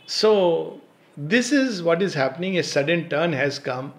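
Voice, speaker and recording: A man giving a reflective spiritual talk, reciting poetry slowly and laughing often as he explains. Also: on the high side, animated. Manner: thoughtful, laughs often, slow deliberate recitation. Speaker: spiritual teacher and speaker.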